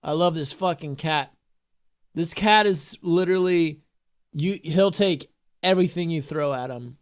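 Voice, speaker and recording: High-voiced man, profane and rambling. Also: measured pace, smooth. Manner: profane, joking, loose and chatty. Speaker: spiritual vlogger. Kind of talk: casual rambling vlog with card reading. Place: hot room at home with his cat.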